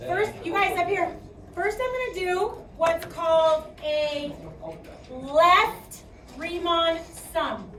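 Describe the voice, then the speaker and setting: A woman with a Chicago accent teaching a math class, projecting her voice and often checking in with "okay?". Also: very high-pitched. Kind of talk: classroom lecture. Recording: echoey classroom, distant mic.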